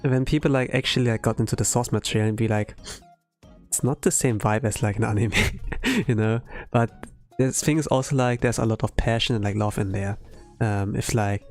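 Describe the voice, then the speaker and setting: Guy on an art stream chatting while he draws, lots of like and um, lowish voice, faint music behind. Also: fairly quick, darkish tone. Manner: rambling, heavy use of "like" and "um". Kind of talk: casual chat while drawing on a livestream.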